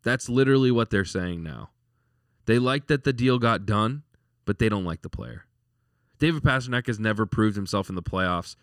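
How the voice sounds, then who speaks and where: A forty-year-old man chats loosely about his team on a podcast, circling back and restarting his sentences. His voice sits on the low side, and the sound is close and dry with no room around it. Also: lively intonation, normal speed, fairly bright tone, no echo. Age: 40s. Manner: rambling, repeats words, laughs often. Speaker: podcast co-host. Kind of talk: casual sports chat.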